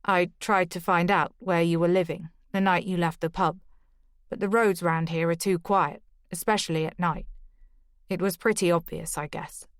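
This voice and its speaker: Brief: a female narrator voicing a sheepish, apologetic Irish man, lowish voice, dry close sound. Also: fairly even intonation, moderate pace, no room sound, close to an everyday voice. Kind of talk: audiobook character dialogue.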